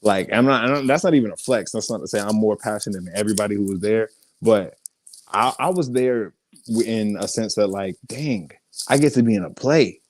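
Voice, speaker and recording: A young man, talking in a fairly low voice. He tells stories in a casual interview and acts out the people he quotes, swearing freely as he goes. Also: brisk. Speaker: guest artist and actor.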